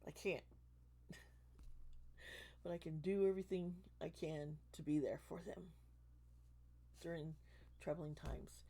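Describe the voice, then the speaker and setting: A woman in her forties, hoarse from losing her voice, talking casually and emotionally to her channel members, rambling and restarting her sentences. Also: low voice, fairly even intonation, measured pace, pauses often, dark tone. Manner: rambling, emotional, many restarts, swearing when worked up. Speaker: tarot reader and channel host.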